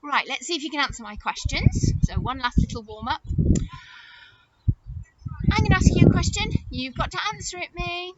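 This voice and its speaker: A woman's voice: extremely high pitch, sing-song, moderate pace, pauses often, highs cut off, very noisy. A woman leading a lesson for young children, playing with her voice in a sing-song, exaggerated way. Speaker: nursery teacher.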